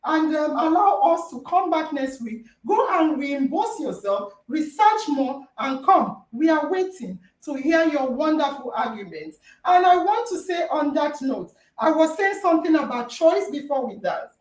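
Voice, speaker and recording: High, animated woman in an echoey room. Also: a little slow, few pauses. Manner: emphatic, argumentative, repeats phrases for stress. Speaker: podcast host. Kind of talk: heated debate moderation. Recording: echoey room, distant mic.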